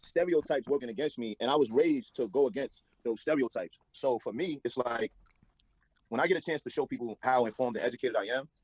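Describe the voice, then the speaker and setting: A man's voice: medium pitch, a little fast, darkish tone, breathy edge, dry recording, low-quality recording. A man being interviewed as a rapper, laid-back and casual, often repeating words.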